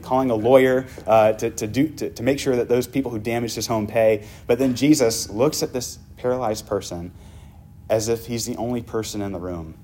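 A male pastor preaching a sermon, vividly retelling a story and dropping to hushed tones. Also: medium pitch, a little hiss or hum.

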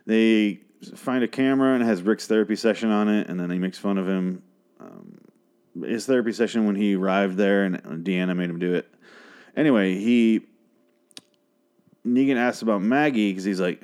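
A man with a fairly low voice talks through a TV episode in loose, rambling fashion. He swears freely, drifts into crude tangents, and slips into quick impressions of the characters before picking the thread back up. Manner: rambling, crude, animated asides. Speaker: show recapper. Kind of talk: casual profane recap.

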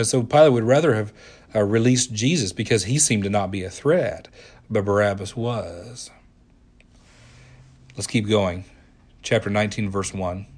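A man's voice: medium pitch, darkish tone. A man preaching a sermon, reading a passage aloud and explaining it in a conversational way with frequent restarts. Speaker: pastor. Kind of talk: sermon teaching.

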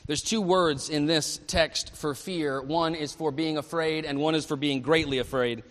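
A male pastor preaching a sermon at a church service, animated and asking the congregation questions. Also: on the high side, moderate pace, hardly any pauses, big-room sound.

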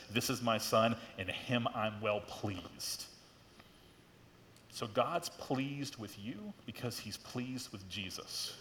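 A middle-aged man preaching a sermon as a pastor, in a conversational, animated way with lots of "like" and rising emphasis. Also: lowish voice, slight background noise. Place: church sanctuary. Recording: church hall reverb.

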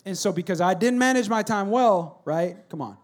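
A man with a high voice preaches a sermon in a church. He is animated, bursting into loud acted-out shouts and then dropping to quiet, earnest talk. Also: moderate pace. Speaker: pastor.

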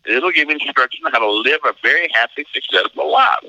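Middle-aged male pastor, folksy storyteller; very bright, dry close sound. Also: medium pitch, no echo, low-quality recording. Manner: folksy, acts out voices in stories, laughs often. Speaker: pastor and marriage seminar teacher. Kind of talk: animated interview storytelling.

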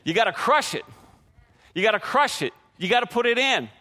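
A man preaching a sermon to a congregation, animated and often checking in with "right?". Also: very high voice, brisk, in a large hall. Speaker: pastor.

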